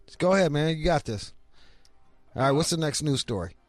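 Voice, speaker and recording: A man's voice: fairly high pitch, animated, brisk, no echo, faint music behind. A young man hosting a podcast, chatting casually with crude, teasing talk and heavy swearing. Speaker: podcast host. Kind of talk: casual chat.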